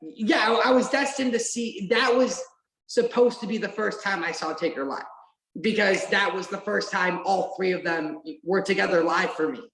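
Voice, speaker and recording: A woman guest on a podcast, telling wrestling memories in an excited, rambling way and swearing now and then. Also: fairly low pitch. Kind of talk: casual podcast chat. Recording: roomy echo.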